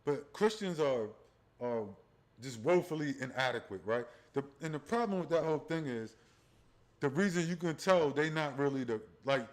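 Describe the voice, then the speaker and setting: A man's voice: fairly high pitch, expressive, moderate pace. A man hosting a profane religious commentary livestream, rambling and talking straight to his viewers, often tacking on "right?". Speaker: livestream host.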